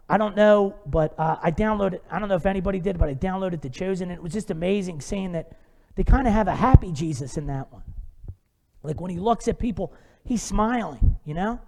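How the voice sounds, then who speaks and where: A man's voice: sits high, brisk, vocal fry, darkish tone. A man preaching a sermon in a church, talking conversationally with rhetorical questions and everyday asides. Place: church sanctuary. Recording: long hall reverb.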